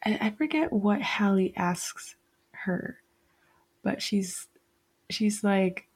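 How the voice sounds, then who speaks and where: A woman's voice: mid-range voice, lively intonation, slow pace, slightly rough. A woman hosting a podcast in casual chat, rambling and correcting herself often, with many fillers. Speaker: podcast host.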